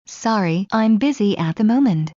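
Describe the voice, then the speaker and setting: A woman's voice: medium pitch, animated, dark tone, no echo. Woman reading phrases, dull lo-fi sound. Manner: clear, measured, evenly paced reading. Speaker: English phrase reader. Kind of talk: slow read-aloud phrase drills. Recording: dull lo-fi recording.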